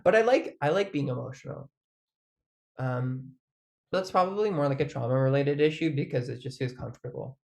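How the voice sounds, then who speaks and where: A man talking in a casual, rambling monologue, his voice sitting at an ordinary middle pitch. He strings thoughts together with constant "like"s, casual swearing and bursts of laughter. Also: moderate pace, gravelly, a little mellow. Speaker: vlogger.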